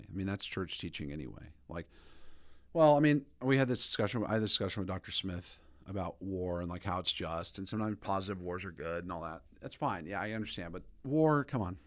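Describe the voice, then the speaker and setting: Deep-voiced man rambling on a podcast. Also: a little fast, dry recording, studio quality. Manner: rambling, animated storytelling. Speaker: podcast host. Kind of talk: casual opinion talk.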